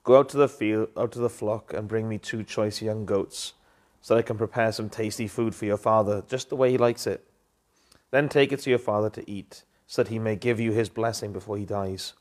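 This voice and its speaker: A man's voice: fairly low pitch, steady tone, a little fast, a little mellow, close to an everyday voice. A man reading a scheming mother. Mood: urgent. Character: scheming mother instructing her son. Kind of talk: live scripture reading.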